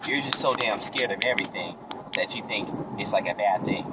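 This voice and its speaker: A man's voice: fairly low pitch, a little fast. A young man nervously telling a story about being scared at night, in casual chat, recorded outdoors. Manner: nervous, rambling, easily scared. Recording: distant mic with heavy wind noise.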